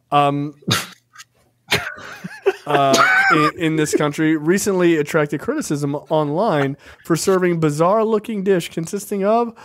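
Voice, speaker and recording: A male podcast co-host talking in a lively, sweeping voice that sits a little high. He mocks and jokes in casual, profane chat. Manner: animated, profane, mocking.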